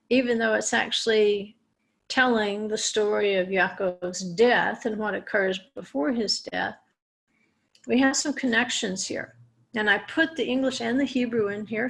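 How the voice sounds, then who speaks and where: A woman's voice: medium pitch, vocal fry. A woman teaching a Torah portion lesson, explaining Hebrew words step by step with small restarts. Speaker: Bible teacher.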